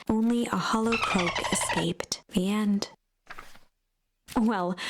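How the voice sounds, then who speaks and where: A woman streamer narrating an interactive story in an even, measured read-aloud voice, with chatty asides. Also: mid-range voice.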